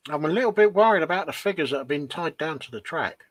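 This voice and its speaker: A man's voice: fairly high pitch, animated, quick pace. A man co-hosting a casual live chat, mostly agreeing and adding dry little asides. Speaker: co-host.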